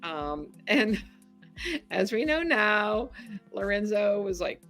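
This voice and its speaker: A middle-aged woman, a podcast guest, telling a story in casual chat, animated and laughing often. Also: mid-range voice, takes it slowly, faint music behind. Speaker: podcast guest, former game show contestant.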